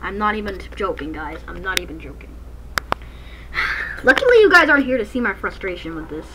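A woman hosting a gaming channel, giving excitable, jokey let's-play commentary from a dark room at night and breaking into snatches of song. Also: mid-range voice, fairly quick, background noise.

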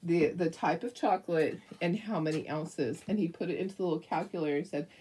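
An older woman telling a rambling story in a chatty, animated way while she paints a craft, laughing often. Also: on the low side, brisk, a little hiss or hum. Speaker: craft vlogger.

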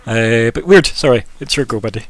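A man's voice: mid-range voice, brisk, a little hiss or hum. A man as game master of a tabletop game, chatting casually and throwing in sound effects.

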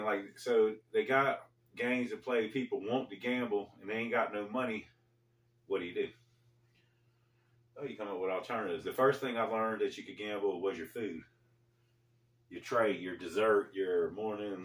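A man hosting a casual storytelling vlog, talking in a laid-back, slangy way with pauses. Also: lowish voice. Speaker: storyteller host. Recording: echoey room, mic far off.

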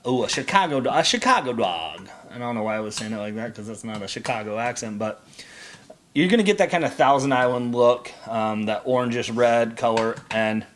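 A man's voice: mid-range voice, steady tone, fairly quick. A man hosting a casual cooking show in a home kitchen, chatty and jokey as he gives step-by-step instructions.

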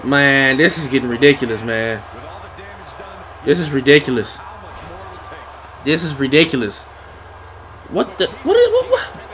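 A man's voice: mid-range voice, unhurried, pauses often, fairly bright tone. Frustrated, swearing man gaming. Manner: talks to himself and the screen. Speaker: gamer. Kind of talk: casual gameplay commentary.

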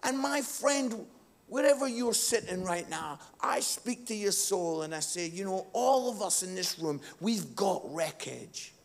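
A middle-aged male pastor preaching a live sermon in church, impassioned and swinging between hushed tones and shouting. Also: sits high, animated, unhurried.

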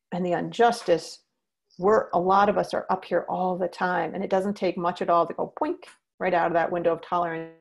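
A woman trainer answers teachers' questions in an earnest, explanatory way, often acting out the words she would say to a child. Her voice sits fairly low, with a gravelly edge. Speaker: social-emotional learning trainer.

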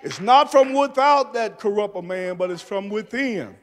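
A pastor preaching a sermon, dropping to soft low murmurs and rising to shouted emphasis. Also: male voice, lively intonation, normal speed, in a large hall. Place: church sanctuary.

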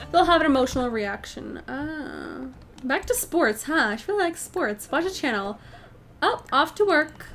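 A woman's voice: sits high, a bit bright. A young woman casually narrating a life-sim game from her room at home, chatty, rambling and upbeat, reacting aloud as she plays. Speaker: gaming channel host. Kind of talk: casual let's play commentary.

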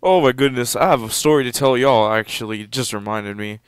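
A teenage boy casually commenting on a game he plays, given to sudden loud excited outbursts. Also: fairly quick, smooth, no room sound. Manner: excitable, jumps into loud high-pitched outbursts. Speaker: gameplay commentator. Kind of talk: casual let's-play commentary.

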